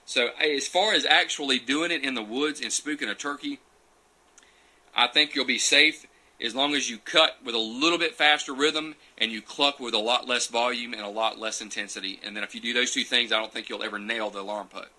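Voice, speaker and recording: A man with a very bright, sharp tone and a middle-pitched voice, talking casually into a phone during a live question-and-answer session. He rambles a little and answers viewers' comments as they come in. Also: fairly quick, low-quality recording. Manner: chatty, loose and digressive, reading out comments as he goes. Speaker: champion turkey caller answering viewer questions.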